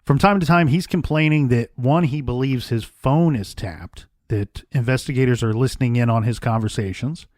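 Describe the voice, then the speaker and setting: A man co-hosting a true crime podcast walks through the case in a measured, storytelling way. His voice is at an ordinary middle pitch with a darkish tone, and the sound is close and dry, with no room echo.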